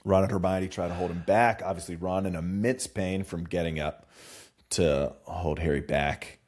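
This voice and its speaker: A man from the Southern US with a mild Southern accent, co-hosting a casual podcast chat, animated and quick to laugh. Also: low voice. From Southern US, Charlotte. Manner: animated, laughs often, slips into voices. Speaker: podcast co-host.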